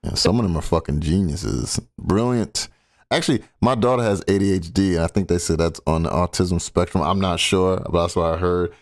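A man's voice: sits low, a little fast. A man hosting a casual reaction stream, commenting bluntly and crudely on clips with joking asides.

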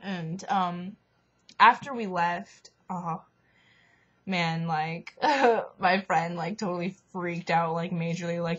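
A woman's voice: lowish voice, slow pace, husky. A woman casually telling a rambling story, full of fillers and giggles, recorded on dull lo-fi audio.

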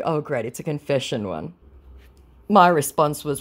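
Host: woman, lively sarcastic narrator, scornful, laughs at the scammer. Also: sits low, normal speed, husky. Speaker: scam-baiting channel host.

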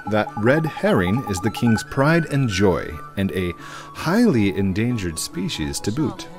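A courteous, formal palace guard, read aloud by a man, measured and apologetic with a lively pitch. Game music runs quietly behind him.

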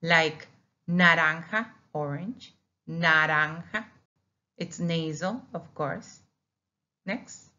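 A woman talks through a recorded language lesson at a very slow, careful pace. Her voice sits a little low as she drills syllables and checks in with "okay?". The audio is dull and lo-fi. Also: pushed and bright. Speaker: Spanish teacher.

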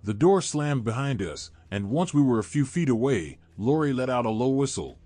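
A man narrating a horror story in a steady, measured way, his voice at an ordinary middle pitch. Soft background music plays faintly beneath the narration. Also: no room sound. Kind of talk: scripted narration.

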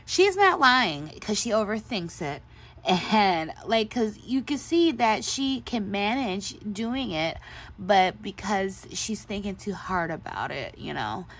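A woman's voice: mid-range voice, animated, slow pace, fairly bright tone. Woman host, casual show-and-tell, gushing and giggly, medium voice. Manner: gushing, chatty, laughs often. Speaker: craft channel host.

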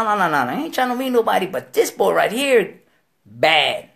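Animated gravelly man telling a story. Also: high voice, normal speed. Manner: animated, profane street slang, acts out quoted voices. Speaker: guest. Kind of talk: storytelling interview.

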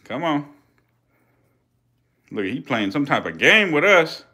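Slangy, excitable man hosting a vlog. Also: fairly high pitch, slow, husky. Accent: Californian. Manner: slangy, profane, excitable, laughing asides to viewers. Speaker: channel host feeding snakes. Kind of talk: casual vlog commentary.

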